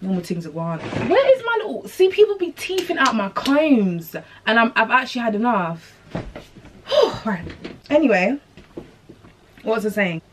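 A young woman chatting casually to viewers as she installs a wig, slangy and animated. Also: a little high, moderate pace, pauses often, a little hiss or hum. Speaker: beauty vlogger.

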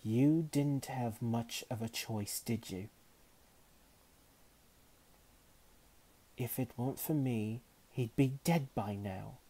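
Guy doing a snooty cold lady wizard, slow and smug, calm threats. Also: mid-range voice, voice pushed up. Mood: haughty. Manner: haughty and calmly menacing. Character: imperious, cold, scheming woman wizard.

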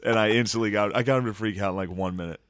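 A young man co-hosting a podcast, telling stories in casual chat and acting out quotes in high voices. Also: rapid-fire, no room sound, studio quality. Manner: animated storytelling, acts out quotes in high voices. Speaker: podcast co-host.

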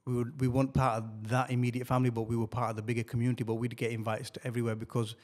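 A middle-aged man, telling a personal story as a podcast guest, halting and repeating words with many fillers. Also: mid-range voice, little pitch movement, a little mellow. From northern England.

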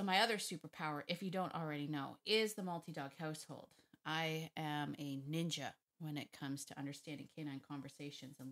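A woman, a dog trainer talking casually to camera, chatty and quick to correct herself mid-sentence. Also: low voice, a bit bright. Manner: chatty, restarts and self-corrections, laughs often.

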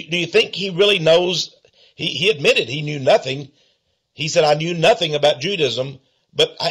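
A man's voice: on the high side, a bit bright, breathy edge. A man speaking as a guest on a talk radio show, telling anecdotes with frequent uhs. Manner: storytelling, many hesitant uhs. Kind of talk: political talk radio discussion.

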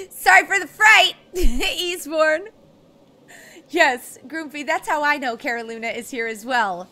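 Streaming a video game, a young woman chats casually and greets her chat by name in an animated, jumpy way. Her voice is high-pitched, at a normal speed.

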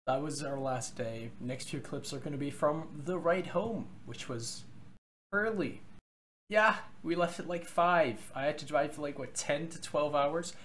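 A man's voice: fairly high pitch, moderate pace, hardly any pauses, a little hiss or hum. A man narrating his vacation vlog in a casual, rambling, offhand way. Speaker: vlogger narrating his trip.

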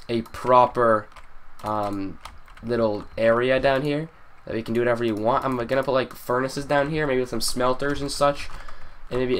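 A young man casually commenting on his own gameplay, chatty and excitable, now and then breaking into yelps. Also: mid-range voice, a little hiss or hum. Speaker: gaming youtuber.

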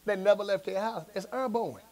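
High, gravelly preaching man. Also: brisk. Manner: call-and-response preaching, swelling to shouts. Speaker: pastor. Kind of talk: sermon. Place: church sanctuary.

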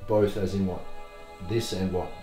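A man with a very low voice, sneering and mocking as he swears through an argument. His words bounce around a roomy space, with faint music underneath. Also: flat delivery, moderate pace, warm tone. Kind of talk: heated argument, documentary footage. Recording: roomy room echo.

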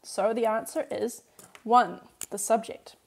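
A woman's voice: on the high side, steady tone, measured pace, gravelly, darkish tone, slightly rough. A woman teaching grammar on a live stream, explaining patiently and repeating points in new words while answering viewers. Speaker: Korean language teacher. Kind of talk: live-streamed workbook lesson.

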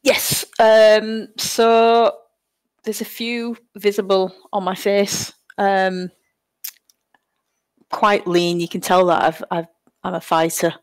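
A woman's voice: mid-range voice, flat delivery, slow pace, dry recording. A woman in a tabletop game describes her character in a hesitant, thinking-aloud way, with lots of ums. The sound is dry and close. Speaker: player. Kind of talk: casual tabletop game chat.

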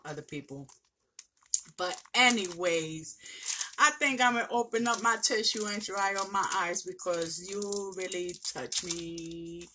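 A woman's voice: fairly low pitch, sharp tone, slight background noise. A woman vlogger, teary and emotional, gushing with thanks as she opens mail from a friend. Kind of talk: casual vlog, opening mail on camera.

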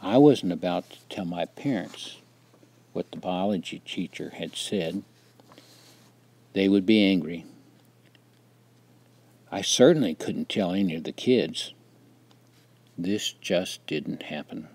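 A man's voice: low voice, slow pace, pauses often, darkish tone, breathy edge. An older man from Wisconsin reading his own memoir in a plain, reflective way. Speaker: memoir narrator.

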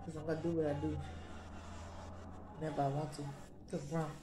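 A woman's voice: sits low, little pitch movement, a little fast, echoey room, background noise. A young woman vlogging in casual, sassy, slang-heavy chat.

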